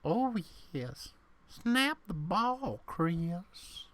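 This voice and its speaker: A man voicing a gruff, grumpy cartoon man who barks impatiently at a football game. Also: high-pitched, very animated, very slow, fairly bright tone, voice pushed up, exaggerated voice. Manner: barking, impatient.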